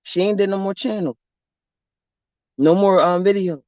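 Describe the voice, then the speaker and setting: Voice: medium pitch, moderate pace, darkish tone, dry recording. Blunt, profane spiritual vlogger, lo-fi sound. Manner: blunt, profane, rambling storyteller. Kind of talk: casual spiritual monologue. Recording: dull lo-fi dry recording.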